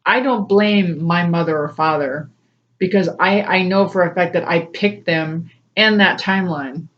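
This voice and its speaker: A woman's voice: fairly low pitch, a little slow. A woman tarot reader talking in a casual, rambling way, laughing often between phrases. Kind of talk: casual spiritual reading to camera. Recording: slightly dull lo-fi sound.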